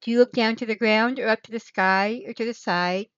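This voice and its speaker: A woman's voice: fairly high pitch, steady tone, brisk, a bit bright, no echo, highs cut off. A woman hosting her own channel, chatting casually and rambling, thinking aloud, trailing off and restarting her thoughts. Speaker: channel host. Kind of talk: rambling casual livestream chat.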